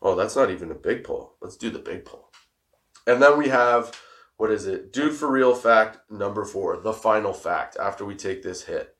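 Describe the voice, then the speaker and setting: A man's voice: fairly low pitch, moderate pace, fairly bright tone. Giggly, laid-back young man. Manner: giggly, rambling, laid-back, swears freely. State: high. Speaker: host. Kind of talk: casual stoner chat.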